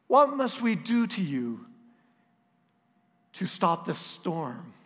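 A man voicing a band of frightened, desperate sailors, raising his voice high and loud as they plead. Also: very animated, slow, heavily acted. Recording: long reverb.

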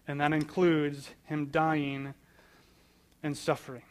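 Male pastor, a bit higher-pitched than most men, chatty sermon delivery that stacks up repeated phrases. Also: little pitch movement, takes it slowly, smooth. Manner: conversational, asks questions and answers them.

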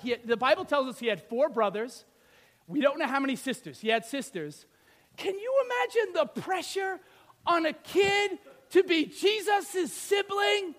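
A man in his thirties preaching a sermon, animated, with many rhetorical questions and little acted-out scenes. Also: extremely high pitch. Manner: animated, rhetorical questions, acts out biblical figures.

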